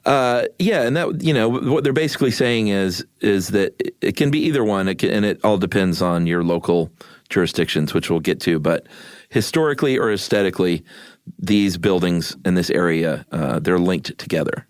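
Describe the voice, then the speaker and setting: Deep-voiced easygoing man. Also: animated, moderate pace, no room sound. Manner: easygoing, dry humor, laughs often. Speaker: podcast co-host. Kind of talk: casual conversational podcast chat.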